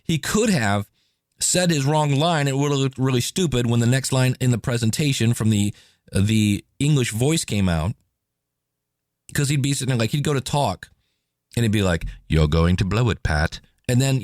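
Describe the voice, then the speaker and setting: A man's voice: mid-range voice, moderate pace, no echo. Chatty male podcast host, dry close mic. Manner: animated, chatty, acts out quotes. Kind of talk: casual solo podcast storytelling.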